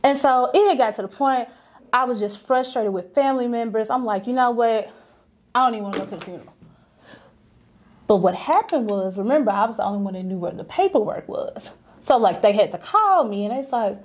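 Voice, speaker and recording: A woman's voice: fairly high pitch, normal speed, darkish tone. Candid woman telling a personal story. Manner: candid, conversational, acts out quoted voices. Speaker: business owner.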